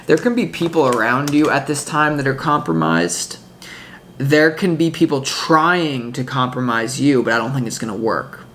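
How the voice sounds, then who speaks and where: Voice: medium pitch, expressive, moderate pace, a bit bright, a little hiss or hum. A tarot reader talking casually, rambling with intense emphasis, lots of fillers, restarts and the odd curse. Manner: swearing, emphatic.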